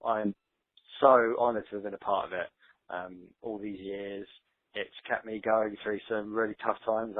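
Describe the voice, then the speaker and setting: A man's voice: on the low side, no echo. Man, rambling self-deprecating voicemail, tinny dry phone sound. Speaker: caller leaving a voicemail. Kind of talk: casual voicemail.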